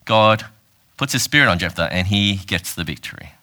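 Bright-voiced male preacher. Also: fairly low pitch, normal speed. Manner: casual, animated storytelling with quoted voices. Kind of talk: conversational sermon.

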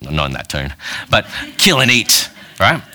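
A man's voice: very deep voice, very animated, a little slow, pushed and bright. A man preaching a sermon in a conversational way, often asking the congregation questions and checking in with "all right". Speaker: pastor.

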